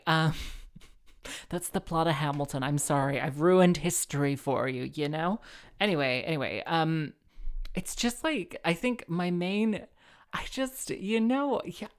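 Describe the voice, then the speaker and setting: A woman's voice: low-pitched, normal speed. A woman hosting her own show, talking in a rambling, self-mocking way, full of fillers, restarts and giggles. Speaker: solo show host and harpist. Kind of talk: rambling casual monologue.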